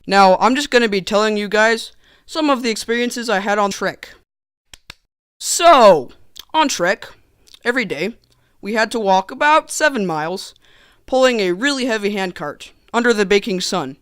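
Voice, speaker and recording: A teenage young man narrating a comedic storytime vlog in a sarcastic, animated, joking manner. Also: high voice, normal speed, smooth, dry recording, studio quality. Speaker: vlogger.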